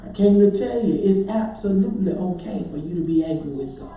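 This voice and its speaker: A man's voice: high-pitched, lively intonation, a little fast, hardly any pauses, warm tone, slight background noise. A man preaching a sermon as pastor, rhythmic and building to sung, hollered climaxes. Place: large church sanctuary. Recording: echoey church hall, mic at a distance.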